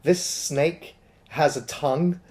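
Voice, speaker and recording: A man's voice: a little high, slow pace, mellow. Wry film-review co-host man. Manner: wry, recapping plot dryly. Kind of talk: casual chat.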